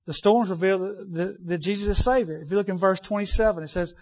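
Preacher guy with a pretty high voice, chatty sermon, keeps repeating lines for emphasis. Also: fairly even intonation, quick pace, darkish tone. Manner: conversational, repeats key phrases for emphasis; frequent restarts, folksy asides to the congregation.

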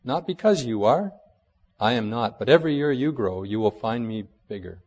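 A wise great lion from a storybook speaks with calm, measured gentleness, as a man reads him aloud. The pitch sits in a middle range, with no put-on growl. Long reverb hangs behind each word. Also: breathy edge, dull audio. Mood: gentle.

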